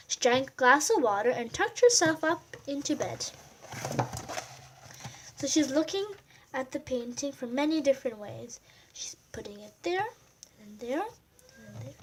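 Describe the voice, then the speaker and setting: A woman reading a picture book aloud in an animated way and adding chatty comments about the pictures. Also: high-pitched, breathy edge. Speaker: storyteller.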